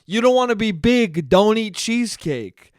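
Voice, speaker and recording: A man's voice: sits high, animated, normal speed, no room sound, clean studio sound, pitched above the performer's own voice. A man doing a brash swaggering politician. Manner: swaggering, blunt, talks down to reporters. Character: brash middle-aged male New York politician.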